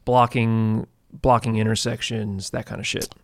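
A man's voice: on the low side, level tone, a little slow, vocal fry, no room sound, clean studio sound. A man co-hosting a casual podcast, chiming in with short offhand remarks.

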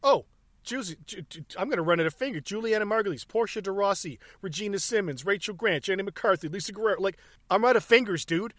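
A man's voice: high-pitched, fast talker, a bit bright, dry recording. A man hosting a podcast, telling stories in casual profane chat and laughing often. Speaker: podcast host.

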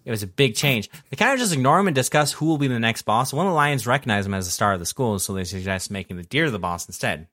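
Animated young man recapping an anime. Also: medium pitch, fast, hardly any pauses, no echo, clean studio sound. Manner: animated recap, profanity, laughing. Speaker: podcast host recapping an anime. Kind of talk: casual podcast chat.

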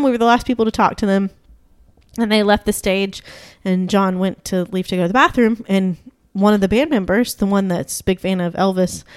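A woman's voice: mid-range voice, clean tone, no room sound, studio quality. A young woman telling stories in casual podcast chat, laughing often and using lots of fillers. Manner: chatty storyteller, laughs often, filler-heavy. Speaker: podcast co-host.

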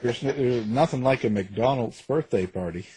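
A man's voice: medium pitch, normal speed, mellow, breathy edge. A man hosting an interview, laughing along and asking his guest questions. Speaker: podcast host. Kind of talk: casual interview chat.

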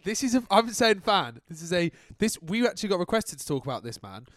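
Male podcast co-host, bright and lively, dry close mic, banter-heavy delivery. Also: high-pitched, a little fast, no room sound. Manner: laddish, jokey, silly voices. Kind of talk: casual football chat.

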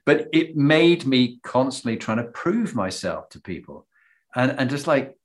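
A man hosting an interview, telling anecdotes in an animated, self-deprecating way. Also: mid-range voice, a little slow. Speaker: host. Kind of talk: conversational interview.

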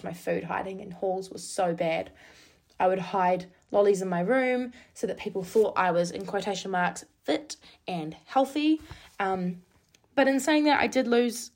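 A young woman from New Zealand, hosting a podcast and telling a candid, confessional personal story in quick bursts. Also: lowish voice, darkish tone. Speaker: podcast host.

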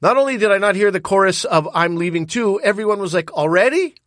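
A hungover man co-hosting a casual podcast, teasing and telling animated stories. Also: high-pitched, fast, dry recording, clean studio sound. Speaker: podcast co-host. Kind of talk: casual chat.

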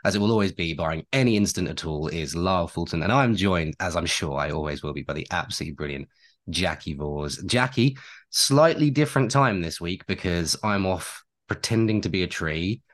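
A young man with a very low, deep voice, co-hosting a podcast. He talks in a chatty, rambling way full of self-deprecating asides. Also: lively intonation, fairly quick, fairly bright tone. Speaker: podcast co-host and actor. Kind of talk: casual chat.

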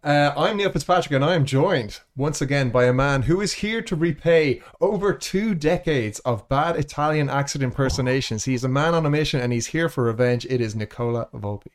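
An Irish man hosting a podcast, chatting casually and joking with his co-host in lively banter. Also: medium pitch, a little fast, hardly any pauses.

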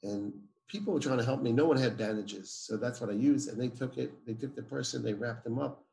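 Gravelly man telling a story. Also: medium pitch, brisk, dark tone. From Israel. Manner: emphatic, acts out dialogue. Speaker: guest. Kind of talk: personal storytelling. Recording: roomy echo.

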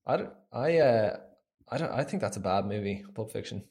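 A man's voice: on the low side, lively intonation, normal speed, a little mellow. A man co-hosting a film podcast, teasing and playfully contrarian in casual chat. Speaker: podcast co-host.

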